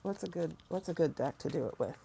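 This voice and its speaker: A woman hosting a casual livestream tarot reading, chatty and animated, with sudden mocking asides to her viewers. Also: low voice, quick pace, gravelly, slight background noise. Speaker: tarot reader and livestream host.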